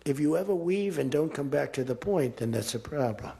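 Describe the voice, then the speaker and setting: Man, political speech, rambling and boastful, gravelly voice, slightly high pitch. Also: animated, brisk, dark tone. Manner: rambling, boastful storytelling with repetition. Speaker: political speaker. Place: large auditorium.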